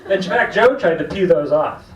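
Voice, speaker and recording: A man's voice: on the high side, animated, moderate pace, muffled recording. A man doing a stand-up set, with wry humor and quoted voices. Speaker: stand-up comedian. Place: comedy club stage. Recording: distant, roomy club recording with faint noise.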